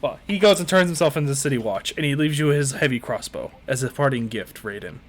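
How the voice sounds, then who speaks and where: A man narrating as game master, relaxed and halting with fillers. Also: mid-range voice.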